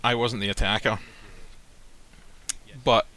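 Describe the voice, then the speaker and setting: Storytelling man, bright forceful tone, blunt and profane. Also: fairly low pitch, fairly even intonation, slow. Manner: blunt, swears freely, acts out quoted lines. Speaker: guest telling a personal story. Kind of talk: casual storytelling. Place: live stream recording.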